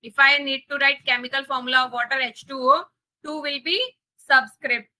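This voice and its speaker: A woman's voice: high voice, fairly even intonation, normal speed, sharp tone, rough recording. A woman with an Indian English accent teaching a live coding lesson, repeating key points and checking that students understand. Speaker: coding instructor.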